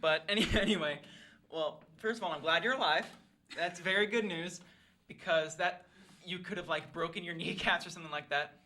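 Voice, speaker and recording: A man's voice: high-pitched, moderate pace, sharp tone, a little hiss or hum. A teenage man co-hosting a student podcast, bantering casually in a joking way and giggling often. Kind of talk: casual chat.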